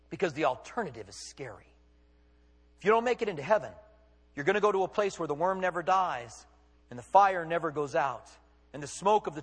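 A man's voice: sits high, a bit bright, slightly rough. A man preaching as a pastor, emphatic, firing off rhetorical questions and acting out what people say. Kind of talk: sermon. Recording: long reverb of a large hall.

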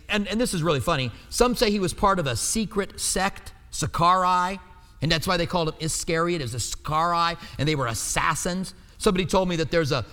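A man's voice: high voice, a bit bright. A man preaching a teaching sermon in a conversational way, checking in with his listeners as he goes. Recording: long hall reverb.

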